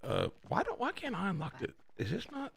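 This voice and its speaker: A man's voice: high voice, brisk, vocal fry, a crowd in the background. A young man, a brash, chatty streamer playing a marshal in a live roleplay. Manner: animated, brash, chatty with viewers.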